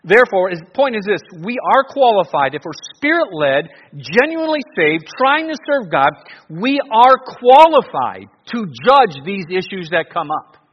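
A male pastor preaching a sermon in an animated way, full of rhetorical questions and frequent restarts. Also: high voice, moderate pace. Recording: dull, lo-fi recording with long reverb.

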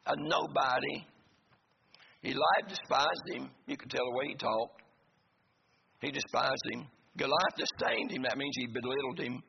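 Gravelly-voiced preacher in a reverberant hall. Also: male voice, mid-range voice, a little slow. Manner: folksy, joking asides to the congregation. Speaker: pastor. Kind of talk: sermon. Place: church sanctuary. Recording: gravelly voice in a reverberant hall, dull lo-fi sound, faint noise.

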